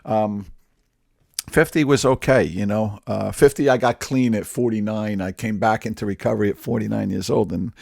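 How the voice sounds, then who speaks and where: A man's voice: on the low side, steady tone, moderate pace, gravelly, darkish tone, no room sound, clean studio sound. A man in his sixties talking through a candid personal monologue, rambling and repeating words, with wry humor. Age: 60s. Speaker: podcast host.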